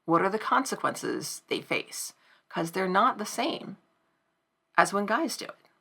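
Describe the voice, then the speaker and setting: Woman, reflective commentary, slow unhurried delivery, gravelly fry, bright edge to the voice. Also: mid-range voice, sing-song. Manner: thoughtful, measured, pauses to find words. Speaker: video essayist.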